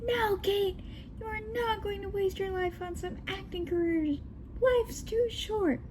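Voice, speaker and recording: Woman playing a strict yelling dad, high and slow. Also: a little hiss or hum. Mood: scolding. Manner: yelling, scolding. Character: strict father yelling at his daughter.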